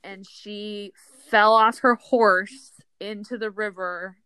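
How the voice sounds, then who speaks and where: Smooth-voiced woman hosting a chat. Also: medium pitch, steady tone, slow pace, bright, forceful tone, dry recording. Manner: chatty, giggly, many fillers. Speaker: podcast host. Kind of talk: casual chat, telling a hymn's history.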